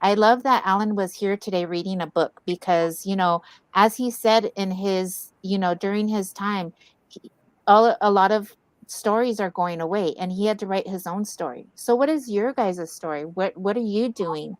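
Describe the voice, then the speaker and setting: Smooth-voiced woman sharing heartfelt advice. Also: medium pitch, normal speed, no room sound. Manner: earnest, personal, encouraging. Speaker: wellness event co-host. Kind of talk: heartfelt community talk.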